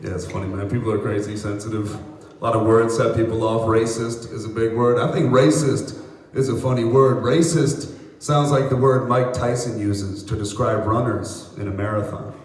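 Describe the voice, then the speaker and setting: A man's voice: fairly low pitch, fairly even intonation, normal speed, darkish tone. A young American man doing a loose, crowd-working stand-up set, slipping into voices for bits. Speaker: stand-up comedian. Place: outdoor apartment complex courtyard. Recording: echoey, distant, noisy live recording.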